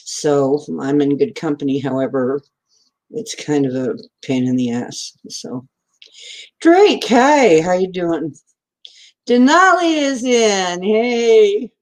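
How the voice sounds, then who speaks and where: Slow, rambling, giggly woman hosting a live stream. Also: fairly low pitch, lively intonation, darkish tone. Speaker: livestream host. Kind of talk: casual live-stream chat with viewers.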